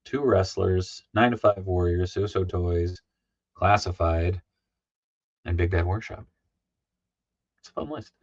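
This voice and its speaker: A man's voice: deep voice, fairly even intonation, measured pace, pauses often, a little mellow, no echo. Man on a livestream, losing his voice. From Minnesota. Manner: rambling, lots of ums and uhs. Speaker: livestream host. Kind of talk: casual livestream sign-off chat. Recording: dull lo-fi dry sound.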